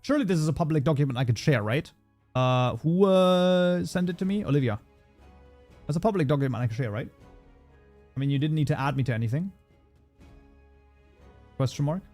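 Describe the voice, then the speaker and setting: German-accented guy streaming a tutorial, chatty, answers chat, soft music in the back. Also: a little high, brisk, long pauses, no echo. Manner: chatty, reads viewer chat aloud and answers it. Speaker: modding streamer. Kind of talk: casual livestream tutorial.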